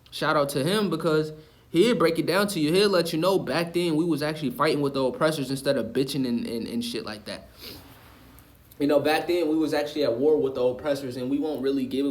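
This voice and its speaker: A man ranting to the camera in an impassioned, preachy way, cursing and repeating himself for emphasis. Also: a little high. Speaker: online video host. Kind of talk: impassioned spiritual rant.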